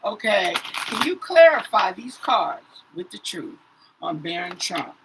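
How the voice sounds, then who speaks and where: A woman's voice: medium pitch, sing-song, a little slow, very noisy. Chatty woman reading tarot cards. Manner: says "okay?" after nearly every phrase, repeats herself. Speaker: tarot reader. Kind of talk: casual tarot reading to viewers.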